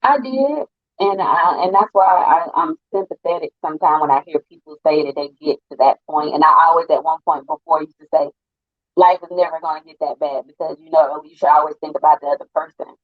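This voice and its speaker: A woman's voice: low voice, brisk, no room sound, narrow, tinny audio. A woman interviewed over a video call, telling her story in an earnest, plain-spoken way. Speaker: interview guest. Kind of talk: personal storytelling.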